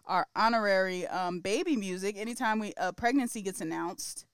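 A woman's voice: mid-range voice, brisk, smooth, dry recording, studio quality. A woman hosting a podcast, chatting casually and upbeat, laughing often. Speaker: podcast host.

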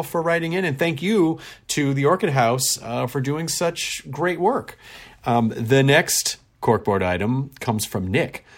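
A man hosting his own podcast, talking casually and jokingly between listener notes with plenty of filler words. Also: mid-range voice. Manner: chatty and jokey, frequent filler words, loose self-deprecating asides. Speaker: podcast host. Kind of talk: casual podcast monologue with listener mail and ad read.

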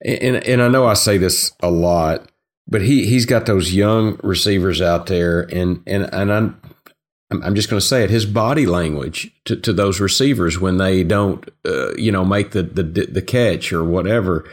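Male co-host, very deep voice, hesitant, lots of fillers. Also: moderate pace. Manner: hesitant, many fillers and restarts. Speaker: podcast co-host. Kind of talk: casual sports podcast chat.

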